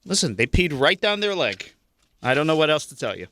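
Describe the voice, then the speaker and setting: A man's voice: a little high, big pitch swings, brisk, fairly bright tone. A male sports radio co-host with a wry, amused manner in studio banter. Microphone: studio mic.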